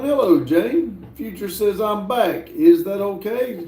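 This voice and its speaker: A man hosting a livestream, slowly reading viewer messages aloud with lots of hesitant fillers. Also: high-pitched, lively intonation, darkish tone, roomy sound. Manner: slow, halting reading with many fillers. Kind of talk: casual livestream chat.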